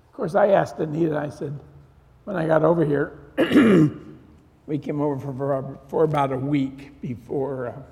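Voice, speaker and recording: A middle-aged pastor shares a personal story as sermon testimony in an easy, conversational manner, acting out the back-and-forth dialogue. His fairly high voice moves at a moderate pace, slightly mellow with some vocal fry. A long reverb suggests a church hall.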